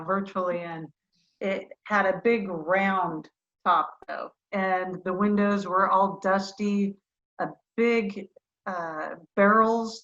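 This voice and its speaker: A middle-aged woman, a retired fighter pilot, telling animated, self-deprecating stories as a guest in a video-call interview. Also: mid-range voice, dull audio.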